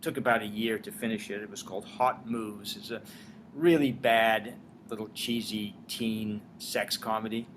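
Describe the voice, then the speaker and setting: An older man recalls his career as a writer-director and former singer in a laid-back Los Angeles interview, bringing quoted dialogue to life with animated storytelling. His voice is on the low side at a normal speed, and the background is noisy.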